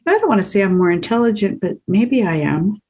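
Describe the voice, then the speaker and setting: A woman's voice: medium pitch, lively intonation, fairly quick, darkish tone, husky, rough recording. A woman guest on an interview, earnestly recounting a personal experience and laughing often as she talks. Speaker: guest, author of a book. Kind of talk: casual interview storytelling.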